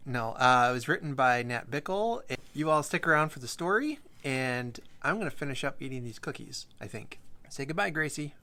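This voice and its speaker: A man's voice: medium pitch, lively intonation, normal speed, bright, forceful tone. Easygoing male podcast host. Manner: easygoing, chatty, hesitant fillers. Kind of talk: casual chat and show announcements.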